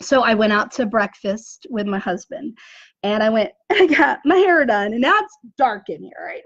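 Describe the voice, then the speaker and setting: A woman business coach speaks in a high voice, talking straight to her live-stream audience from a dim room. She works through rhetorical questions and keeps checking in with "right?". The audio is dull and lo-fi. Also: expressive, moderate pace, dry recording. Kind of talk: motivational live-stream talk.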